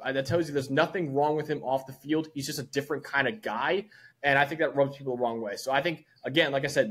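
A man, a football analyst guest, talking heatedly and emphatically in a casual podcast chat, repeating his points. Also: mid-range voice.

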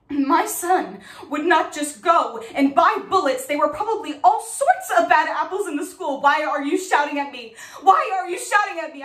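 Woman as a high-voiced, halting, defensive mother under questioning; audition monologue, echoey room. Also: a bit bright, heavily acted. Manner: tense, halting, repeats herself. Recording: echoey room, mic at a distance.

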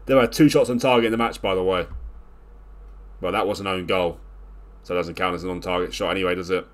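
A man talks fast over his own video game play in live commentary, his intonation fairly even overall. He's scolding and exasperated, veering from loud outbursts to muttered grumbling.

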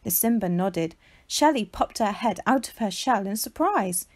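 A female teacher reads a children's picture book aloud in an expressive, animated storytelling style. Her voice is mid-range and her pace is normal.

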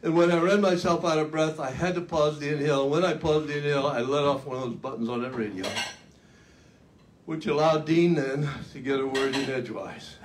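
A man's voice: a little high, a little fast, background noise. An older man giving a luncheon keynote, telling his story in a folksy, dramatic way with self-mocking humor. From United States. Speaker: keynote speaker. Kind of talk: storytelling speech. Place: luncheon event hall.

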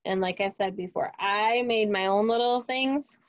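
A woman teaching a remote phonics lesson to young children, speaking clearly and encouragingly. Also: medium pitch, dry recording, muffled recording. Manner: slow, clear, encouraging teacher talk to kids.

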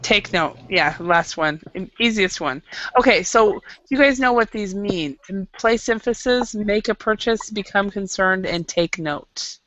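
A woman's voice: medium pitch, measured pace, fairly bright tone, dull audio. A woman teaching an English class, patient and explaining with frequent restarts. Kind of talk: classroom lesson.

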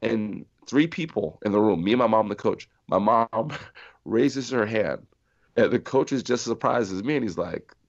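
A middle-aged man from New Jersey, a podcast guest telling stories in a lively way, acting out the people he quotes. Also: lowish voice, moderate pace, no room sound. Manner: animated storyteller acting out quoted voices, laughing often. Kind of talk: storytelling in a podcast interview. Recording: dry muffled sound.

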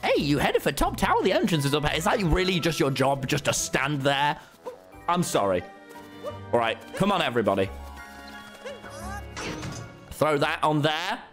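A man streaming a game live, excitable and swearing, talking back to his chat. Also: fairly high pitch, normal speed, long pauses, faint music behind. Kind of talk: live gameplay commentary.

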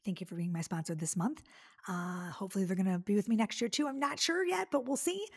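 Speaking fast with vocal fry and a darkish tone, this tearful podcast host rambles through a casual solo monologue as faint music plays behind her. She's a woman in her forties from around Detroit, effusive, chatty and heavy on fillers, at medium pitch.

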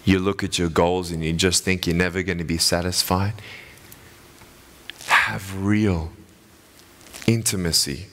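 A man, giving an animated, playful motivational sermon to a college chapel crowd. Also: deep voice, unhurried, pauses often, slight background noise. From Australia. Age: 30s. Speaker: guest chapel speaker. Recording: echoey hall.

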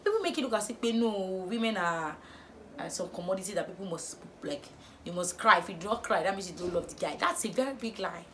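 A young woman vlogging, firing off exasperated rhetorical questions in an animated opinion rant. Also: mid-range voice, a little fast, a little hiss or hum.

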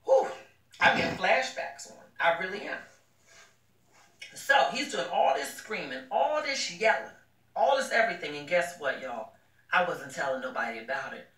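A woman's voice: fairly low pitch, very animated, normal speed, fairly bright tone, far from the mic. Blunt, emphatic woman in an echoey room. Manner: emphatic, blunt and preachy, with slangy endearments. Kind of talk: casual advice talk.

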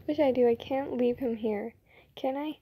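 A woman's voice: high voice, moderate pace, slightly rough, no room sound, dull audio. A woman voicing a nervous young male photographer who stammers over his words. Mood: flustered.

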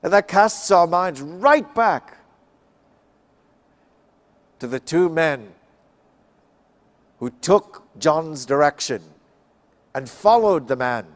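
Male Bible class speaker from Canada, slightly high, emphatic teaching delivery. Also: animated. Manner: slow, emphatic, rising and falling for effect. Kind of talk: expository Bible talk.

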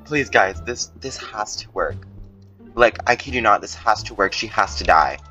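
A man giving excited gameplay commentary, his voice jumping high when tense. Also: normal speed, lo-fi sound, faint music behind. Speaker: gaming YouTuber.

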